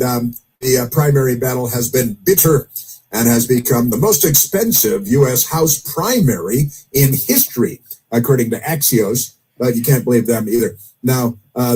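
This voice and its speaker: A man's voice: mid-range voice, dark tone, slightly rough, rough recording. A man hosting casual political commentary, rambling with many fillers and dry sarcastic asides. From United States.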